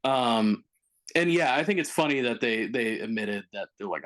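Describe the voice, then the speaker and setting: A man's voice: medium pitch, expressive, moderate pace, fairly bright tone. A man on a casual film podcast who talks in an enthusiastic, rambling way, hedging as he goes. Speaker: podcast co-host.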